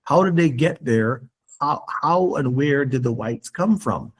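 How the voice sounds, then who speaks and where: A man in an interview pressing his argument with emphasis, circling back on words as he builds a point. His voice sits at an ordinary middle pitch, and he sometimes acts out pointed questions in a raised voice. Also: lively intonation, a little slow. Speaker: guest. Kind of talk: interview conversation.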